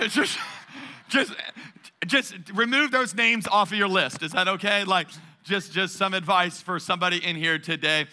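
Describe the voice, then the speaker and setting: A man, preaching a sermon as pastor, joking and animated and calling on the congregation for responses. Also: sits high, moderate pace.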